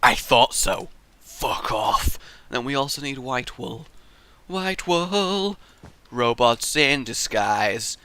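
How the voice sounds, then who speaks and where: A young man giving chatty, excitable gameplay commentary as a let's play host, muttering asides to himself. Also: mid-range voice, slow, clean tone.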